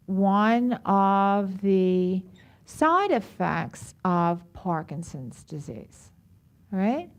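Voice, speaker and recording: A middle-aged woman teaching a group in an everyday, mid-range voice. She talks in a chatty, affectionate way and keeps asking her class questions. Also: medium pitch. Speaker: stress management group leader. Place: group room at a care center.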